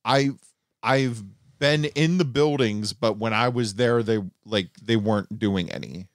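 A man's voice: fairly low pitch, expressive, measured pace, no room sound, clean studio sound. A man co-hosting a podcast in casual chat, joking and slipping into put-on accents. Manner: jokey, slips into put-on accents and voices. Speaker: podcast co-host.

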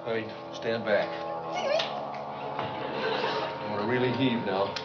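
An actor playing a nervous, stammering husband in a 1960s sitcom. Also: male voice, on the low side, steady tone, slow pace. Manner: flustered, stammering, jittery. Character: nervous suburban husband, comedy writer. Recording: dull old TV sound, roomy, laugh track and music.

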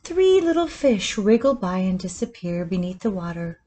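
A woman reading a picture book aloud at storytime, in a slow, soothing bedtime manner. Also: mid-range voice, big pitch swings, dark tone. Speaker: storytime reader.

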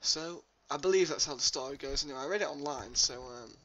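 A man's voice: mid-range voice, quick pace, pushed and bright, highs cut off. A young man casually commenting on his gameplay, rambling with lots of ums and uhs. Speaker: let's play host. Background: game music.

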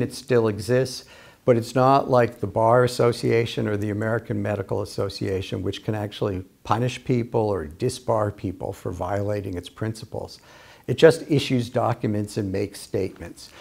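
A male history professor as an interview guest, explaining ideas in a measured, lecturing way, laying out arguments point by point. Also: medium pitch, gravelly, darkish tone. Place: UMass Amherst.

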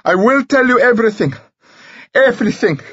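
A desperate, panic-stricken man screams out his confession in a high, frantic voice. The sound stays dry and close, slightly dull. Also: lively intonation, moderate pace, fairly bright tone, husky, no room sound, full character voice. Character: terrified, desperate male servant confessing.

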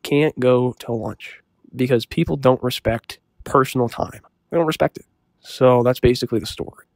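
A young man telling a comic story in a deadpan, self-serious, rambling way. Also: medium pitch, moderate pace, vocal fry, no echo, clean studio sound. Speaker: comedy storyteller. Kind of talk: deadpan comedic story monologue.

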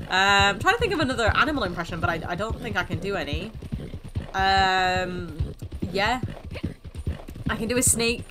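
A woman's voice: medium pitch, sing-song, a little slow, long pauses, noisy background. A young woman giving chatty, self-mocking commentary while playing a video game. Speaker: gaming YouTuber. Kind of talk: casual gameplay commentary. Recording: game sounds and hooves over voice.

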